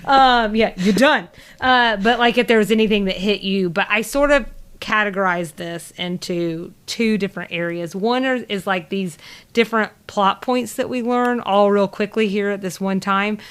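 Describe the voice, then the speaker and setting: A woman with a Southern accent from the American South co-hosts a podcast, recapping an episode in loose, rambling chat. Her voice is medium-pitched, a bit bright and clean, at a normal speed, and her talk is full of fillers and restarts.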